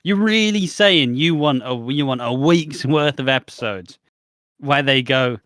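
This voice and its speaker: A man's voice: medium pitch, unhurried, fairly bright tone, smooth, dry recording. A man co-hosting a podcast in casual chat, with wry jokes and dry sarcasm. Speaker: podcast co-host.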